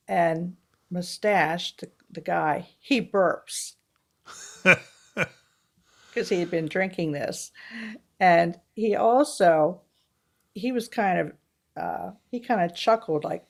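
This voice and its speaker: A woman co-hosting a casual film review chat, retelling movie scenes with animated storytelling. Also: lowish voice, slow pace, creaky. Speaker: podcast co-host.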